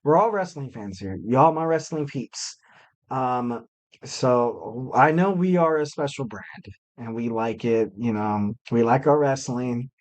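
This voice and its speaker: A man's voice: medium pitch, lively intonation, measured pace. A young man hosting a wrestling podcast alone, chatting loosely with lots of fillers and little self-mocking jokes. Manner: rambling, filler-heavy, self-joking. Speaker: podcast host. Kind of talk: casual solo podcast chat.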